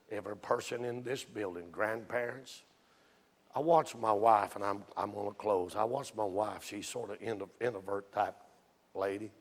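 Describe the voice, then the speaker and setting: A man preaching a sermon in a church, telling folksy stories that rise into excited shouts. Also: fairly low pitch. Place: church sanctuary. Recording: long reverb from a church hall.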